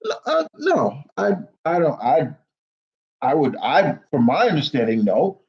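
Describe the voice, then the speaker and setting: A man's voice: a little high, huge pitch swings, measured pace, darkish tone, lo-fi sound. A young man hosting a casual live question-and-answer stream, rambling and blunt, swearing freely. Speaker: host answering viewer questions.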